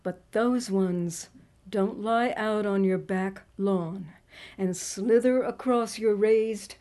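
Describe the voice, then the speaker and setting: A woman's voice: medium pitch, slow pace, mellow, lightly acted. A woman performing a poem in a Southern accent, voicing a bold evangelical woman who charms snakes. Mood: defiant. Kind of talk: dramatic poetry reading.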